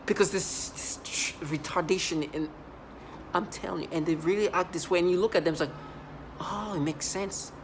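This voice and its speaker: A vlogger speaking in an agitated, intense personal monologue that keeps restarting and breaking into quoted asides, swinging between loud outbursts and low muttering. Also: brisk, a little hiss or hum.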